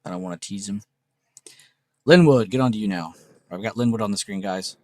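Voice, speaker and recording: A young man hosting a casual live trading stream, excitable and gushing, swearing freely. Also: fairly low pitch, a little fast, no room sound, studio quality. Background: faint background music.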